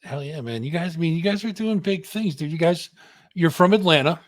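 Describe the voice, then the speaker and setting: A man's voice: a little high, expressive, fairly quick. A man hosting an interview show, talking in a friendly, casual way and calling his guest dude and man. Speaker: podcast host.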